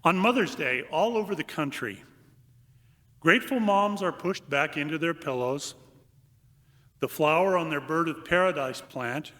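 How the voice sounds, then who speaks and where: An older priest preaches a homily in a bright, forceful voice that sits a little high for a man. He speaks slowly and thoughtfully with long pauses, and turns lively and comic when he reads aloud. The sound rings with the long reverb of a large church. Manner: reflective, unhurried delivery with long pauses.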